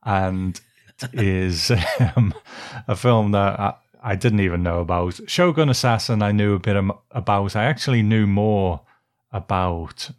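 A man co-hosting a film podcast, easygoing and quick to laugh as he recaps a film's plot. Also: fairly low pitch. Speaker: podcast co-host. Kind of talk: casual chat and reading a plot summary.

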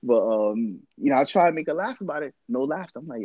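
A man's voice: mid-range voice, lively intonation, fast, few pauses, a little mellow, husky. A man tells a story to friends in loose, slangy talk and acts out the voices as he goes. The recording is dull and lo-fi, and it sounds dry with no room echo. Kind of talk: casual storytelling chat.

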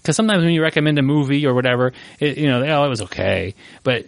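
A man co-hosting a podcast in a relaxed, chatty way, teasing his partner. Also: mid-range voice, fast talker, gravelly, dry recording. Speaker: podcast co-host. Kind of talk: casual podcast chat.

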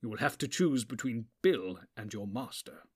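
A man's voice: mid-range voice, lively intonation, breathy edge. A man reading as a grave old wizard. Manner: slow, weighty, deliberate. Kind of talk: audiobook character voice.

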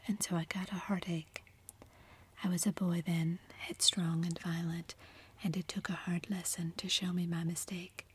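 A woman voicing an earnest, remorseful young man in love, in a soft, pleading, heartfelt whispered role-play. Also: on the low side, slightly rough.

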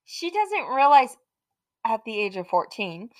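A middle-aged woman co-hosts a podcast in casual chat. Her voice sits high and swings widely in pitch. She tells animated stories and breaks into laughter often. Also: a little slow, low-quality recording. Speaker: podcast co-host.

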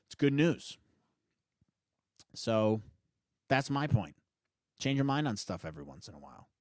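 A man's voice: fairly low pitch, sing-song, a little slow, darkish tone, dry recording, studio quality. A man hosting a solo podcast, rambling in a casual way, breaking off mid-sentence and laughing often. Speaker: podcast host.

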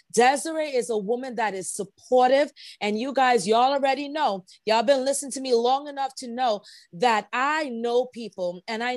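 A woman's voice: fairly high pitch, dry recording. A woman hosting a podcast in casual chat, effusive and openly emotional, repeating words for emphasis. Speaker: podcast host.

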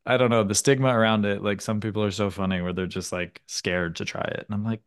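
A man's voice: fairly low pitch, steady tone, quick pace, few pauses, clean tone. A man hosting a podcast in casual chat, telling stories with acted-out quotes and casual swearing. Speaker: podcast host.

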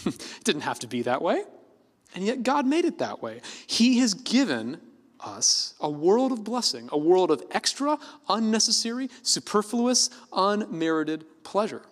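Male pastor, easygoing sermon delivery, expressive intonation, recorded in a reverberant church hall. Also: sits high. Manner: conversational, lively preaching with light laughs and self-corrections.

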